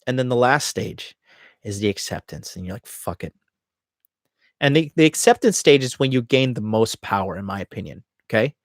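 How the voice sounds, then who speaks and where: Male host, mid pitch, swears a lot, emphatic monologue, dry close sound. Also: brisk, no echo. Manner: profane, emphatic, acts out inner voices. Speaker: dating podcast host. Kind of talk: casual monologue to viewers.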